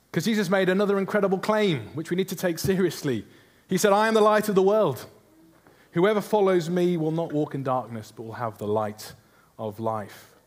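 A man's voice: medium pitch, a little mellow. Earnest man preaching. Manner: earnest, asks the congregation rhetorical questions. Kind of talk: sermon.

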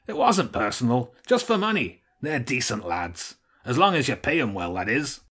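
A man's voice: mid-range voice, big pitch swings, normal speed, fairly bright tone, slightly rough. A man voicing a tough male rat leader who barks orders at the girls in a storybook reading. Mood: easygoing. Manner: barking orders, calls girls "lassie".

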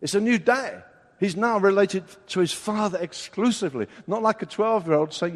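An older male preacher with a high voice delivers a sermon, and a long hall reverb trails every phrase. He acts out the people he quotes, jumping from near-shouts down to quiet asides. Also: animated, moderate pace. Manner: acts out quoted voices with big swings of loudness.

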